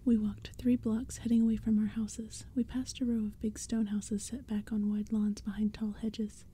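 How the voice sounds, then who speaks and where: A woman softly whispering a story as an ASMR audiobook reader. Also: on the high side, level tone, normal speed, husky. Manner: soft, whispered, gentle.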